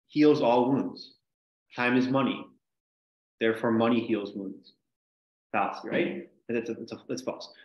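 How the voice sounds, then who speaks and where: A man teaching a casual logic class, rambling with many "like"s and restarts. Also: medium pitch. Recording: echoey room, dull lo-fi sound.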